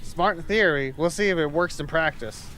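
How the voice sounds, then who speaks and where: A man's voice: fairly high pitch, normal speed, a bit bright, a little hiss or hum. A young man casually commenting on a video as he watches it, joking and swearing a lot. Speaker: streamer reacting to a video.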